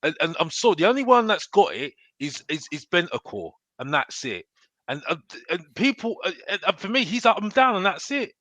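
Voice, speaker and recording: A fired-up man hosts a live football fan show, ranting in a high voice. He keeps restarting his sentences and swings up and down a lot. The sound is dry and close. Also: sing-song, brisk, fairly bright tone, no room sound. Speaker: host.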